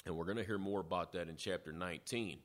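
Deep-voiced man preaching slowly. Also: fairly bright tone. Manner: measured preaching. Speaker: pastor. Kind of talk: sermon.

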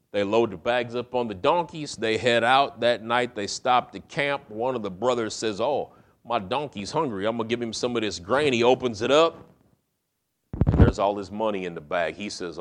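Middle-aged preacher guy telling a story, casual and chatty, acts out the quotes. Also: mid-range voice. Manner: casual retelling with acted-out quotes. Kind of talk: storytelling sermon.

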